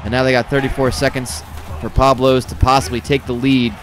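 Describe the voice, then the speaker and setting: A man with a mid-range voice and level tone delivers rambling, jokey live commentary on a football video game, making rapid play calls and swearing offhandedly, with faint music behind him.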